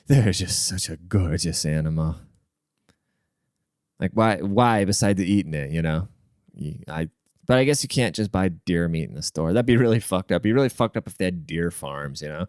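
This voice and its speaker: Lively low-voiced man ranting crudely. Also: smooth, dry recording, clean studio sound. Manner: crude, profane and rambling, with jokey asides. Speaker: podcast host. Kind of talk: casual solo podcast rant.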